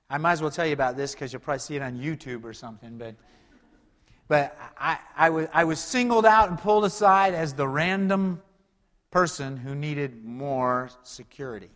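Conversational male preacher in a reverberant hall. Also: a little high. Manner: conversational preaching with rhetorical questions and wide swings in loudness. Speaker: pastor. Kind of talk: sermon.

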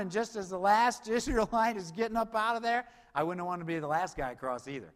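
High-voiced preacher in a reverberant hall. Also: male voice. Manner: animated, swings between loud urgency and low quiet emphasis. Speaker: pastor. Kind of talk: sermon.

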